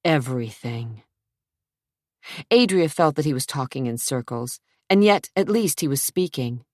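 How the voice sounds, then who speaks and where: A woman reads a suspense novel aloud with a notably low voice and measured, steady delivery. The recording is dry and close, with no room around her. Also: dry recording. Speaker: audiobook narrator. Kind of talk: scripted narration.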